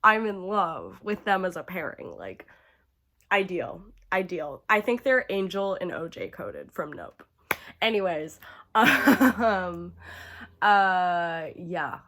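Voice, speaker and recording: A woman's voice: lowish voice, very animated, slow, fairly bright tone. A young woman giving casual, profane ranking commentary to camera, chatty and full of fillers, gushing about favorites. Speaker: horror video creator.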